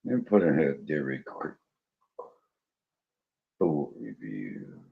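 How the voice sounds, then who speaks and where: A man hosts a stream in a very low voice that still rises and falls a lot. He muses aloud with plenty of "um"s while browsing clips. His delivery is loose and conversational. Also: very animated, slow pace, creaky, narrow, tinny audio. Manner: musing, chatty, filler-heavy. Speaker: stream host. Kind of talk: casual commentary while browsing videos.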